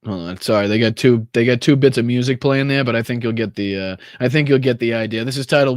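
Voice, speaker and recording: A man's voice: mid-range voice, fast, hardly any pauses, no room sound, clean studio sound. A man hosting a political podcast in a casual, mocking style, swearing freely and laughing as he comments. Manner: mocking, profane, laughs often. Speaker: podcast host.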